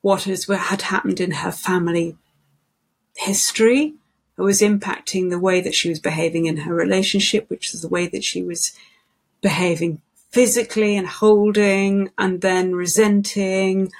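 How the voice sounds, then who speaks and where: A woman talks as an interview guest about her work with singers. Her voice has a gravelly, creaky texture and a medium pitch. She speaks thoughtfully and unhurriedly, restarting sentences as she tells her stories. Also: steady tone, moderate pace. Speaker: guest, singing voice specialist. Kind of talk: conversational interview.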